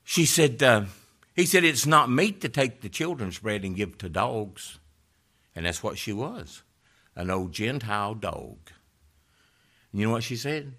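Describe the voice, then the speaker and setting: A man preaching a sermon, rising to loud fervent peaks and dropping to hushed, low emphasis. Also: lively intonation, unhurried, pauses often.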